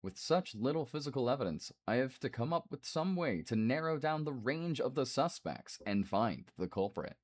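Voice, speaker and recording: A man streaming a game, reading the dialogue aloud and breaking off for quick asides. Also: medium pitch, lively intonation, a little mellow. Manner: reads the game's lines aloud with asides.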